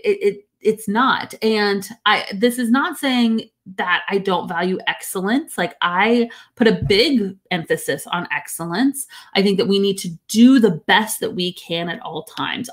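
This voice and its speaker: A woman's voice: medium pitch, a bit bright. A woman business coach teaching in a casual, upbeat livestream, full of fillers and "right?" check-ins. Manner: upbeat, chatty, many "right?" tags and fillers.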